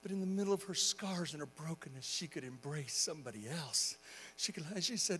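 A male pastor preaching a sermon, telling a story quietly and then rising into loud, impassioned exhortation. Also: a little high, expressive, a little fast, breathy edge, soft background music. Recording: long hall reverb.

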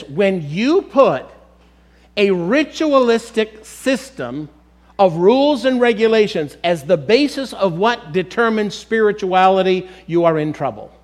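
Preaching a sermon, a high-voiced, middle-aged pastor speaks with emphasis from the pulpit and talks straight to his congregation.

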